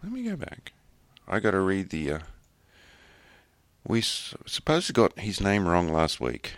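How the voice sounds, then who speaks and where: A man's voice: deep voice, huge pitch swings, measured pace, long pauses, a bit bright, no room sound, studio quality. A man co-hosting a podcast in casual chat, joking and laughing often. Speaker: podcast co-host.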